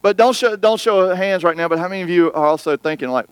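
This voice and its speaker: A man's voice: on the high side, quick pace, few pauses, smooth, dry recording. A man preaching a sermon in a conversational way, acting out the voices of other people. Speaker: pastor.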